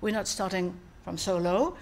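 Her pitch is medium and her intonation lively as she delivers a formal speech and answers questions in her role as foreign minister. A native French speaker with a French accent, she talks in a measured way, pausing often and using many fillers.

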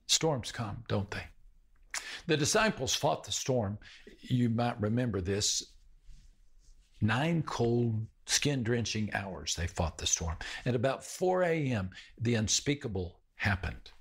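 A male preacher delivers his sermon slowly and deliberately, pausing often and repeating key phrases. His voice sits a little low, with a gravelly, husky edge. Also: lively intonation. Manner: slow, measured preaching with pauses and repeated phrases. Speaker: pastor.

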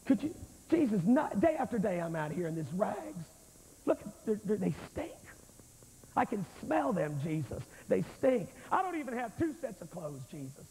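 A ragged blind beggar whines and pleads for clothes and a roof, as a preacher puts him on. The voice sits high for a man and rings with a long church echo from an old tape. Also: very animated, normal speed, dark tone, slightly rough, heavily acted. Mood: pleading. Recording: echoey church hall, old VHS tape.

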